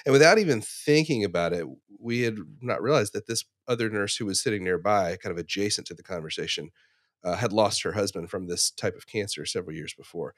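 A lowish-voiced man in his forties, speaking as a clinician in a thoughtful, unhurried discussion. He tells stories with small restarts and fillers, and the sound is dry and close, with almost no room around it. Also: dry recording. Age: 40s. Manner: reflective, storytelling with frequent fillers and restarts. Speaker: ICU clinician, podcast co-host. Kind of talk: casual professional discussion.

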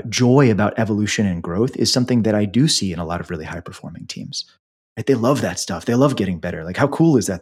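Gravelly man, husky tone, ER doctor talking shop, chatty storytelling with lots of fillers. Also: fairly low pitch. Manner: animated storytelling with many fillers. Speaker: emergency physician. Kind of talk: conversational teaching.

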